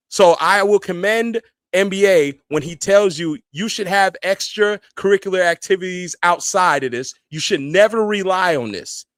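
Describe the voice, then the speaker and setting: A man's voice: high voice, a bit bright, no room sound. A man hosting a live stream, giving casual commentary in a blunt, heated and profane way. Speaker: streamer host.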